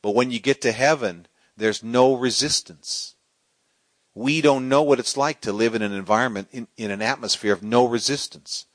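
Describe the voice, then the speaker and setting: A middle-aged man preaching a sermon, swinging from loud, soaring exclamations to quiet storytelling. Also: mid-range voice, moderate pace, dry recording.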